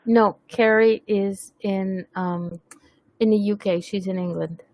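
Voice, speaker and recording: A woman's voice: medium pitch, steady tone, takes it slowly, a little mellow, no echo. A woman hosting a webcast, chatting casually, teasing herself and laughing often. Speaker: webcast host. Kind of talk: casual chat.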